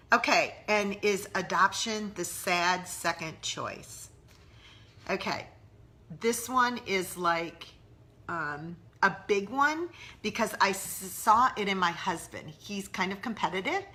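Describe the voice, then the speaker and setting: Bright-voiced, earnest woman hosting a live stream. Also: medium pitch, expressive, a little slow. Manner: earnest and candid, chatty with viewer comments. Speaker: host of a live mom-mentoring broadcast. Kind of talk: casual live-stream talk answering viewer questions. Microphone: live-stream webcam or phone.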